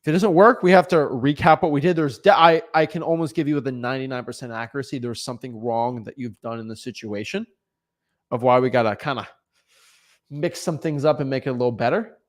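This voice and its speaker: A young man giving casual motivational advice as a real estate coach, animated, often repeating and restarting words. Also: medium pitch, quick pace. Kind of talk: casual motivational vlog talk.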